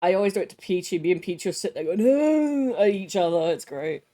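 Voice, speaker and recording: Woman, livestream chat, giggly, slightly low voice, playful put-on voices. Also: lively intonation, a little fast, dark tone. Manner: laughing, silly put-on voices in anecdotes. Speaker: streamer. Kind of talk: casual chat on stream.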